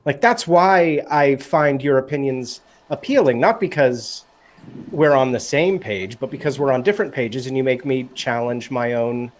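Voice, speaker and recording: A man's voice: mid-range voice, normal speed. A man guesting on a livestream call, earnest and rambling, full of fillers. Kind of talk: casual call-in chat.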